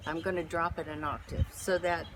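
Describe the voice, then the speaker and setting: A woman's voice: on the low side, flat delivery, normal speed. A woman giving a casual guitar lesson, explaining chords in a chatty, rambling way with plenty of fillers. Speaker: guitar teacher and singer. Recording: guitar playing behind her.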